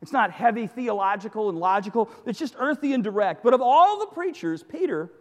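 A man preaching a sermon as a pastor, telling stories with animated joking asides. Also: high voice, fairly quick, in a large hall.

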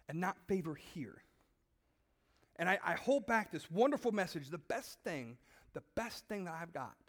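A middle-aged man giving a sermon in a chatty, searching way, often asking his listeners questions. His voice sits high and moves animatedly through a wide range, and he often doubles back on his words. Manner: conversational, asks the audience questions, repeats words. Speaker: pastor.

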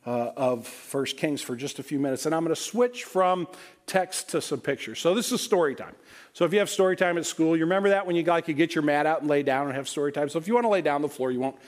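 A man preaching a sermon in a conversational, joking way, often repeating words as he restarts. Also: a little high. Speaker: pastor.

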